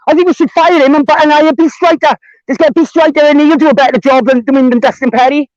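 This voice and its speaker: A man's voice: very high-pitched, steady tone, quick pace, no echo. A man with a Welsh accent calling in to a sports talk show, chatty, tagging his sentences with "right?". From Wales. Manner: chatty, tags lines with "right?". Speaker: caller. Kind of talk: casual call-in chat. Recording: dry, dull phone-line sound.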